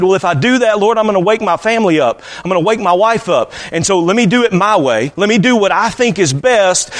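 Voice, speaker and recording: Earnest preacher man. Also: fairly high pitch. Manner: earnest, drops to a soft hushed voice at times. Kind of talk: sermon storytelling.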